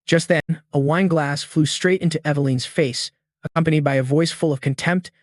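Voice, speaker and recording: A man narrating a story recap in a steady, scripted storytelling manner. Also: fairly high pitch, normal speed, no echo, studio quality.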